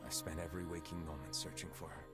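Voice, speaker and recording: A man's voice: low voice, little pitch movement, fast, close to an everyday voice. An actor playing a brooding young male swordsman in a video game, speaking in a terse, grim way. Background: loud game music.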